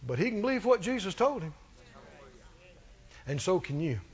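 A man's voice: sits high, sing-song, moderate pace, dull audio. A man preaching a sermon with rising fervor, asking the congregation questions and calling for responses.

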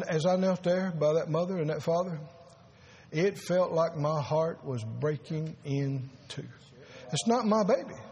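A man preaching a sermon as pastor, earnest and halting, repeating words and rising to emphasis. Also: fairly high pitch, a little mellow.

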